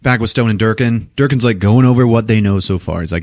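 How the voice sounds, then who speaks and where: Talking fast with few pauses, a man with a lowish voice runs through a film's scenes as a podcast co-host, swearing casually and acting out the characters' lines in their voices. The sound is dry and studio-clean.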